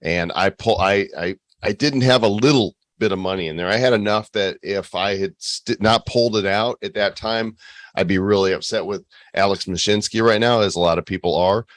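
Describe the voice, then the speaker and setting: Deep-voiced man telling a story, dry sound. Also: a little fast, dry recording. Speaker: quiz contestant. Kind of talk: casual podcast chat.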